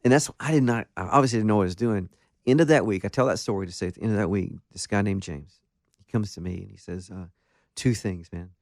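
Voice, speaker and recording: Low-voiced man telling a story. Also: fast talker, vocal fry, no room sound, studio quality. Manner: animated, self-deprecating anecdotes with many restarts. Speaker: guest musician. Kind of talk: casual interview storytelling.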